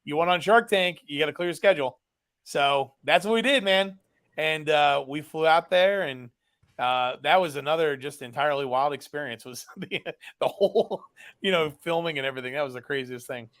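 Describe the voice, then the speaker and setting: A man's voice: on the high side, normal speed, a bit bright. A man, a business founder and guest, telling a story casually and animatedly, acting out dialogue with lots of fillers.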